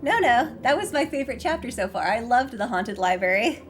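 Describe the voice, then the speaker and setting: Bubbly, excitable woman gamer. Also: a little high, fairly quick, soft background music. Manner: bubbly and excitable, gushes over characters; switches to a hushed voice to read game text. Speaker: let's play gamer. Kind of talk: casual gameplay commentary.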